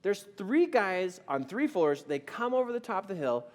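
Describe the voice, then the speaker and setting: A middle-aged man telling a funny personal story to an audience, animated and self-mocking. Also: sits high, normal speed, big-room sound.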